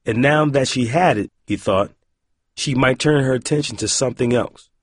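A man reading a young-adult novel aloud with expressive narration. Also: mid-range voice, moderate pace, husky, no room sound, studio quality. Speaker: audiobook narrator. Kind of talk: scripted narration.

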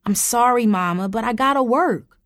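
A woman's voice: a little high, normal speed, fairly bright tone, no room sound, clean studio sound, pitched above the performer's own voice, natural voice. A woman voicing a guilty, defensive sixteen-year-old girl who pleads with her mother. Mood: pleading. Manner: defensive and hesitant.

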